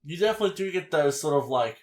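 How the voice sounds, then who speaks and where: A man's voice: a little high, very fast. Rambling, swearing man. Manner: rambling, animated, swears casually. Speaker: podcast co-host. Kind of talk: casual chat reviewing an album.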